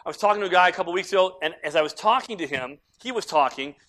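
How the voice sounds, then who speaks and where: A male pastor delivering a sermon with a fairly high voice. He preaches with passion, dropping to quiet, close moments and then building to loud, fervent peaks. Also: expressive, racing. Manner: impassioned preaching that swings between soft and loud.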